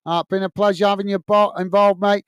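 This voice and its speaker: A man's voice: sits high, level tone, fairly quick, clear, resonant tone, dry recording, clean studio sound. An English man hosting a live football watch-along, casually reading out viewer comments and giving friendly, repetitive sign-offs with lots of fillers.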